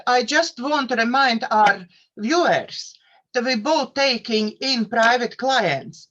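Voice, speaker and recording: A woman with a foreign accent hosts an interview, her voice a little high and her pace very slow and deliberate. She picks her words carefully, and the sound is somewhat dull and lo-fi. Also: fairly bright tone. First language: not English. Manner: careful, slow, halting wording. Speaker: host and coach therapist. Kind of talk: hosting an online interview.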